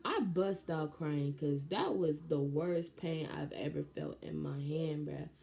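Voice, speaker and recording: Gravelly-voiced young woman telling a story. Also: sits low, takes it slowly. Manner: animated, slangy, jumps into quoted voices. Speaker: vlogger. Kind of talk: casual storytelling vlog.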